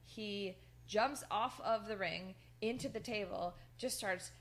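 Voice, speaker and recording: A woman's voice: medium pitch, takes it slowly, fairly bright tone. A woman co-hosting a podcast, casually recapping wrestling in a rambling way with lots of fillers and laughter. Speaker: podcast co-host.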